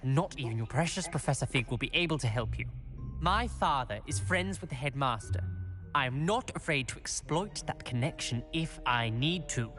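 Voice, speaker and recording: A man's voice: mid-range voice, lively intonation, moderate pace, fairly bright tone, close to an everyday voice. An actor playing a guarded, cold young male student in a video game, speaking in clipped, threatening lines. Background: game music.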